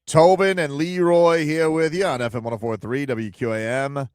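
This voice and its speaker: A man's voice: on the high side, steady tone, moderate pace, clear, resonant tone, no echo, studio quality. A man hosting a sports talk radio show, chatting casually in a joking, playful way. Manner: joking, playful, singsong asides. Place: radio studio.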